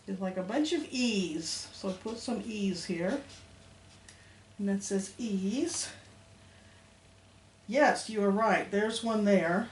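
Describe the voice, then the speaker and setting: Woman teacher sounding out phonics slowly. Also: mid-range voice, darkish tone. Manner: patient, sing-song teacher voice, sounding out letters. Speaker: elementary school teacher. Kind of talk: phonics lesson to young children. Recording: roomy echo, faint background hum.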